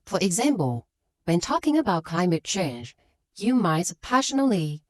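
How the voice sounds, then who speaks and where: A woman for whom is a gives a scripted lesson in a fairly low but very lively voice, pushing hard on the words she wants to stress. The recording is close and dry, with no room sound. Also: moderate pace, no echo. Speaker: English teacher.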